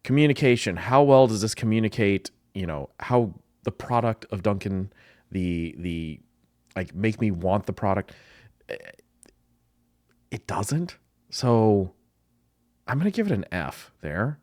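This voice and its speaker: Man, marketing-prof reactor type, exasperated and blunt, pitch all over the place, dry close sound. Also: expressive, unhurried, pauses often, darkish tone, dry recording. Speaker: marketing professor reviewing ads. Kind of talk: ad reaction commentary.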